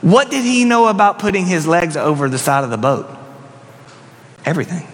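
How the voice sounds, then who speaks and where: A man preaching a sermon as a pastor, telling the story dramatically and dropping into hushed emphasis. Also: high voice, moderate pace. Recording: long reverb of a church hall.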